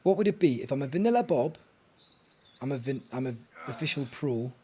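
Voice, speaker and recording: A man's voice: mid-range voice, expressive, a little fast, warm tone. A man streaming a survival game live, chatting to himself and his viewers in a rambling, self-mocking way. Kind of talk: live gameplay chat.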